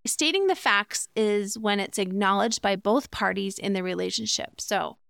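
A woman hosts a relationship advice podcast, speaking earnestly and in a teaching manner. Her voice carries a gravelly edge yet stays smooth and resonant. The recording is dry and close, with no room sound. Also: mid-range voice, normal speed, few pauses, fairly bright tone, no room sound. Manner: earnest, instructive, acts out example phrases. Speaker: podcast host.

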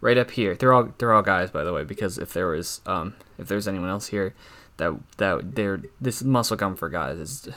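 A young man doing an awkward, deadpan stand-up routine, halting and stammering through constant fillers and restarts. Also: low-pitched. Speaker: stand-up comic.

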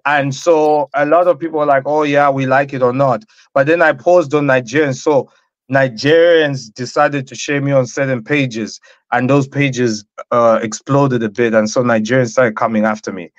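A man co-hosting a casual podcast, telling stories in a relaxed, chatty way with lots of fillers. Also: medium pitch, moderate pace, no room sound. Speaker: podcast co-host. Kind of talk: casual banter. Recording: dull dry lo-fi sound.

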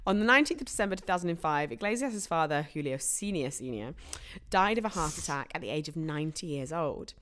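A woman hosting a chatty podcast, a little tipsy from red wine. Her voice rises and falls with lots of movement as she narrates and rants. She swears casually and keeps the telling loose and animated. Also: low voice, fast talker. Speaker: podcast host telling a story. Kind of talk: casual chat.

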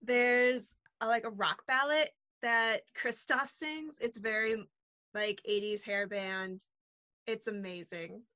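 A woman's voice: on the high side, slow pace, sharp tone, no echo, lo-fi sound. A woman in her twenties co-hosting a podcast in casual chat, upbeat and enthusiastic, recorded at home. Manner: upbeat, enthusiastic, laughs often. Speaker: podcast co-host.

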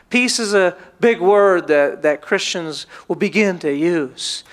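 A pastor preaching a sermon to his church, telling a story and acting out the voices of the people in it. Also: sits high. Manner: animated, acts out quoted voices.

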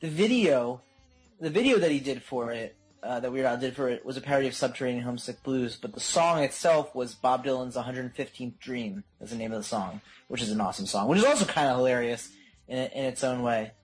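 A man's voice: mid-range voice, expressive, brisk, husky, poor audio. A young man co-hosting a podcast, chatting with enthusiasm and plenty of laughter. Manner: enthusiastic, laughing, bursts into sung and mimicked bits. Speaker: podcast co-host. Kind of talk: casual chat.

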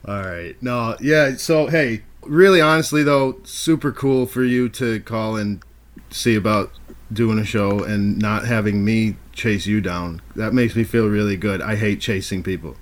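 A man's voice: lowish voice, a little slow. A man hosting a casual podcast, teasing his guest and swearing a lot. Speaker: podcast host.

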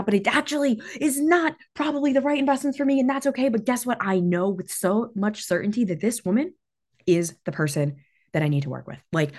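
This podcast host and business coach gives a solo motivational talk in a fairly low, slightly mellow voice. She is intense and emphatic, swears freely, and her voice shakes with emotion.

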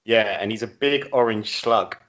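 A man telling a joking character idea in casual chat, halting with many ums and dry asides. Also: fairly low pitch, a bit bright. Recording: dull lo-fi sound.

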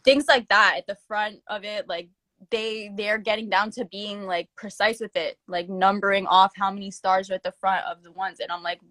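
A woman's voice: medium pitch, normal speed, dry recording. Young woman rambling casually, lots of "like", dry close sound. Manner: filler-heavy, animated, slangy. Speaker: interviewee. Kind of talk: casual chat.

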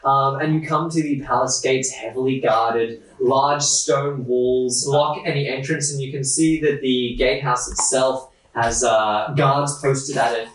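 A man narrating as game master of a tabletop role-playing game, in a relaxed, halting way with many fillers. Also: mid-range voice. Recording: echoey, distant room mic.

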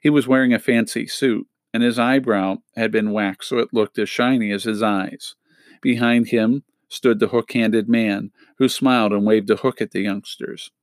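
Narrator: low-voiced man, steady measured storybook reading, close dry recording. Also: no room sound. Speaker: audiobook reader. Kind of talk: reading a children's novel aloud.

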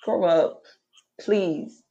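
A woman in casual group chat, laughing often as she tells animated stories. Her voice sits a little low, and the recording sounds dull and lo-fi. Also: extremely slow. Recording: dull lo-fi audio.

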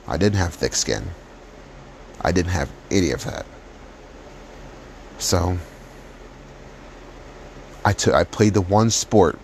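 A man with a very low voice recounts his own life story in a loose, casual way. He talks bluntly and swears freely, now and then slowing into a reflective tone. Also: slight background noise.

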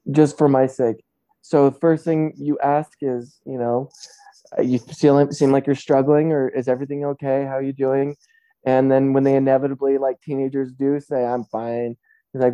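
A man hosts the talk, thinking aloud in halting, reflective phrases that often restart. His voice is very dark and mellow, and the recording is close and dry. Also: mid-range voice, no echo, highs cut off.

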